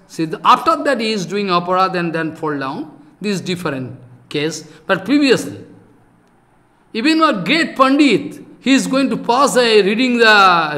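An older man, giving a sermon in an animated, scolding manner with loud emphatic bursts. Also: high-pitched. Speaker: spiritual teacher.

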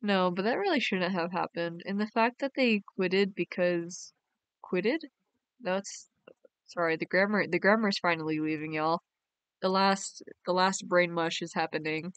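A woman's voice: lowish voice, unhurried, clear, resonant tone, no echo. A young woman, chatting casually on a game live stream and reading her chat aloud in a bubbly way. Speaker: game livestreamer.

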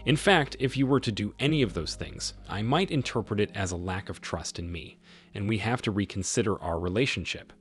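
A man reading the lines of a cool, self-assured wife who leaves her husband, calm and firm. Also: fairly low pitch, a little fast, soft background music, natural voice.

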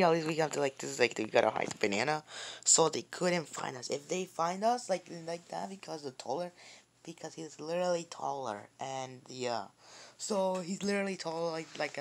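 A woman's voice: low voice, vocal fry, slight background noise. A woman giving live commentary while playing a game, rambling and jumpy, with many fillers and repeated words. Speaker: gamer.

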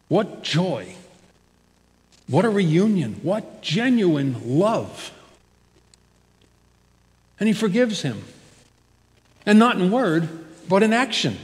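A male pastor preaches in an expressive style, swelling loud on key words and dropping soft at the ends of phrases. His voice sits slightly high and carries a long reverb from the church hall. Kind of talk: sermon. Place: church sanctuary.

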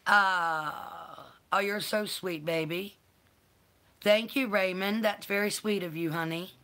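Woman, unhurried, bright voice, affectionate live-stream host. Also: mid-range voice, fairly even intonation. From North Carolina. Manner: affectionate, calls viewers honey and baby. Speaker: channel host. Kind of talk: live-stream chat, greeting viewers.

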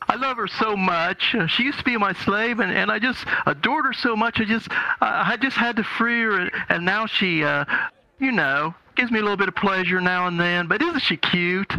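A man's voice: sits high, bright, forceful tone, no room sound, voice pushed up, exaggerated voice, rough recording. A man voicing a foppish, fawning male noble impostor at a tabletop game, gushing in an exaggerated, overly sweet way.

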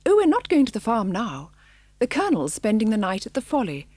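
A woman voicing a brisk, friendly female tabby cat who talks in a chatty, homely way in an audiobook. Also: fairly high pitch, wildly swooping pitch, darkish tone, dry recording, pitched above the performer's own voice.

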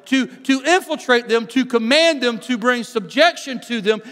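A man's voice: very high voice, expressive, moderate pace, a bit bright. A man pastor preaching a sermon in a church, earnestly explaining scripture with frequent restarts. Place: church sanctuary. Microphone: microphone on stage. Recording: long church hall reverb.

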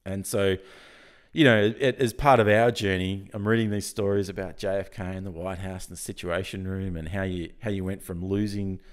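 A man, croaky from the early hour, talking with energy as a podcast guest and often restarting his sentences. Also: low-pitched, steady tone, moderate pace. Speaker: guest, software founder. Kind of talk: casual podcast interview.

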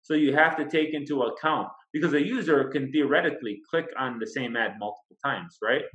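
Male guest expert, mid-pitched, methodical explainer; recording is roomy and dull, lo-fi. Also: fairly bright tone. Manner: explains step by step, measured and thoughtful. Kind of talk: casual interview. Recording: echoey, dull lo-fi sound.

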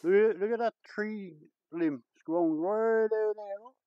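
A man vlogging outdoors in the woods, exclaiming excitedly and chatting to his viewers as he explores. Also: sits high, a little slow, dry recording, lo-fi sound. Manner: excitable, lots of exclamations and chuckles. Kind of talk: casual vlog commentary.

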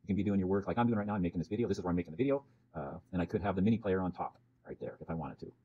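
A man's voice: low voice, very fast. A man teacher explaining video features to students in a casual, chatty way, often checking in with "okay?". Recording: dull lo-fi sound with faint background noise.

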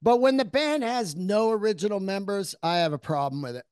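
A man's voice: sits high, a little fast, clear, resonant tone, dry recording, clean studio sound. A man hosting a podcast in casual chat, telling stories animatedly and swearing freely while he acts out what people said. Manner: profane, animated storyteller, acting out quotes. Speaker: podcast host.

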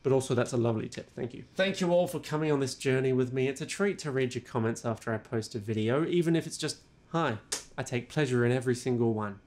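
A man's voice: medium pitch, fast, a little mellow. Playful man hosting tech news. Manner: playful, wry and theatrical. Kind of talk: scripted video narration.

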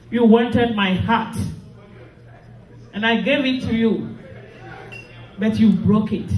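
A middle-aged woman from Ghana, slowly reading a grieving, tearful funeral tribute as a widow. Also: fairly high pitch, a bit bright. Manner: slow, grieving, tearful delivery. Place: funeral hall. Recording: echoey hall from far off with music.

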